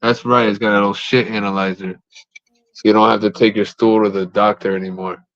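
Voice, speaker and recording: A man's voice: fairly low pitch, level tone, a little fast, fairly bright tone, dry recording. A man co-hosting a casual podcast, telling rambling stories and swearing casually. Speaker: co-host. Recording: slightly dull, dry mic.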